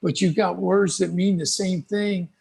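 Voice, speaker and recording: A middle-aged American man giving folksy, relaxed advice to English learners over a video call. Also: sits high, unhurried, vocal fry, breathy edge. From United States. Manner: relaxed, folksy, acts out little dialogues. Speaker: guest speaker.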